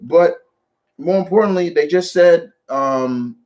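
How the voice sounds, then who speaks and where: A man hosting a casual live chat about movies, talking in an animated, rambling way with lots of restarts. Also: fairly high pitch, slow pace, highs cut off. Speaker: show host.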